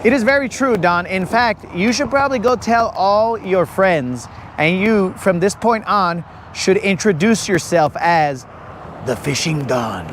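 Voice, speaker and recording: Man, fishing stream host, unhurried teasing banter, higher voice, light background hum outdoors. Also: lively intonation, fairly bright tone. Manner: joking, teasing, playfully rambling. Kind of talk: casual live-stream chat to viewers. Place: outdoors on a lake.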